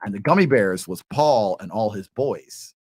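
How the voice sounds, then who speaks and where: A man in his thirties, a podcast guest, telling a story with animated energy, swearing freely and acting out the people in it. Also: lowish voice, moderate pace, breathy edge. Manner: acts out quoted voices, swears freely.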